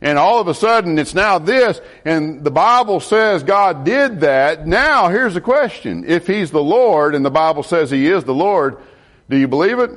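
A middle-aged man, a pastor preaching a sermon in an animated way and asking the congregation questions. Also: a little high, moderate pace.

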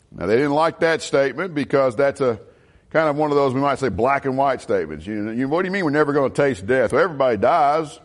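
A man teaching a Bible lesson in a sermon style, reading verses aloud with emphasis and asking his listeners questions. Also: medium pitch. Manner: expressive, reads scripture aloud with emphasis and asks the audience questions. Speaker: preacher teaching a Bible class.

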